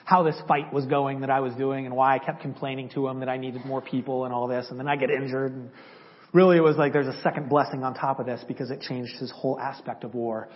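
A man's voice: medium pitch, fairly even intonation, fast talker. A man sharing a personal testimony in a church, telling it conversationally and acting out the dialogue he remembers. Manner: conversational, acts out dialogue from memory. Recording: slightly dull lo-fi audio.

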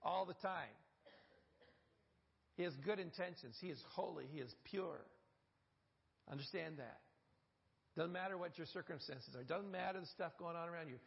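A man's voice: on the high side, brisk, vocal fry, dull audio. A male pastor, delivering a sermon and drawing the congregation into call-and-response. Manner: call-and-response preaching, prompting the congregation to repeat.

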